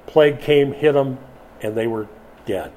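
A man preaching a sermon, dramatic and animated, dropping from loud emphasis to hushed lines and acting out voices. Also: mid-range voice, measured pace, a little hiss or hum. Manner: acts out biblical voices in quotes.

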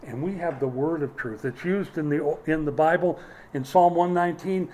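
Male pastor, sermon delivery, emphatic with dry wit, voice sits a touch high. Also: moderate pace, a little mellow, rough recording. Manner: emphatic preaching with dry humorous asides.

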